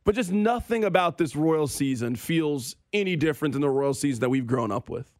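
A man's voice: fairly high pitch, animated, brisk, darkish tone, no echo. A man hosting a sports radio show, ranting with opinions and dry sarcasm.

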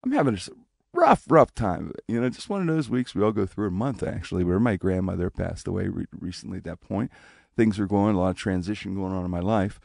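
A man with a low, gravelly voice tells a personal story in a relaxed, conversational way. His pitch rises and falls widely as he acts out the lines of the people in it, and the recording is dry and close. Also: brisk, dry recording. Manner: animated, acts out quoted speech with big pitch jumps. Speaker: guest telling a personal story. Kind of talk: casual spoken storytelling.

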